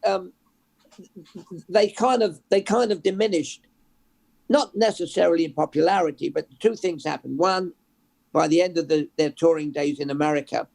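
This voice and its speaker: An older man from England, a journalist guest, telling stories in a lively, conversational way with many restarts. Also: on the high side, normal speed, gravelly. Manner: storytelling, animated, restarts with repeated words. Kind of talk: conversational interview.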